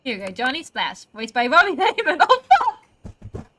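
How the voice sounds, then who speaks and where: A woman's voice: high-pitched, big pitch swings, moderate pace, very noisy. A woman streaming a video game, chatting casually and giggling often.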